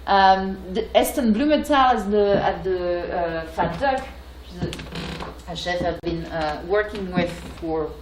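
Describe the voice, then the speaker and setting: A woman from France with a French accent, giving an academic lecture and pausing often with fillers and restarts. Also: fairly low pitch, reverberant, background noise. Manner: hesitant, many fillers and restarts.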